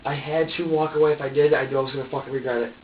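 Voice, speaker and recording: A man being questioned by police, talking haltingly with many restarts and acting out his own past words. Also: mid-range voice, fairly even intonation, a little hiss or hum. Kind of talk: police interrogation. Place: interrogation room. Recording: distant echoey phone-like archive audio.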